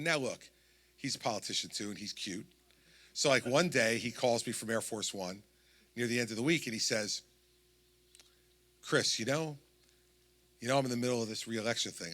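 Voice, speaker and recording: A man in his sixties with a New Jersey accent tells a long story to a town hall crowd. His voice is bright and forward, with a plain middle pitch, and he acts out each quoted line as he goes. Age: 60s. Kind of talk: anecdotal campaign speech.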